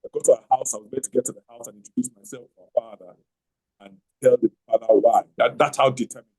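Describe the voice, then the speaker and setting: A man's voice: mid-range voice, fairly even intonation, quick pace, darkish tone, poor audio. A middle-aged man hosting an online call, telling a long personal story in a rambling way, often repeating words and starting over. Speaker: host telling his marriage story. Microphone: online video call.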